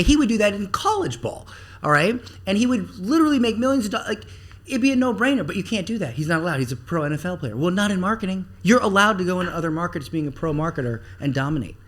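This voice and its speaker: A man talking as a podcast guest about marketing, animated and blunt, with some swearing, acting out the things people say. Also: high voice. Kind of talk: casual podcast interview.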